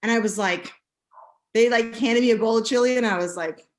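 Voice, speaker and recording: A woman chatting casually and telling lively stories, acting out what people said. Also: a little high, a little fast, a little hiss or hum. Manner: animated storyteller acting out quotes. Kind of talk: casual chat.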